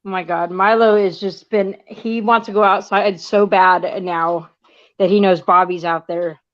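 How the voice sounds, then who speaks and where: A woman's voice: medium pitch, fairly even intonation, unhurried, no echo. A chatty woman with a mid-range voice rambles through a casual live chat and coos at her cat in baby talk. Her audio is dry and a little muffled, like lo-fi stream sound.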